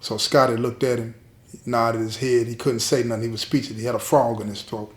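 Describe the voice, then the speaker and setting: Man, storyteller, street-style, middle pitch, echoey room. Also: level tone. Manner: plain street-style storytelling, drawn-out pauses. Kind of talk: spoken storytelling. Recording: roomy echo.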